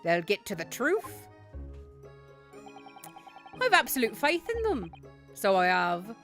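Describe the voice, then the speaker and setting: A woman's voice: medium pitch, huge pitch swings, takes it slowly, fairly bright tone, heavily acted. A woman voicing a boastful middle-aged Irish tycoon in a hammy put-on Irish brogue, with faint game music behind. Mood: jovial boastful. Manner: hammy, jovial brogue with lilting rises.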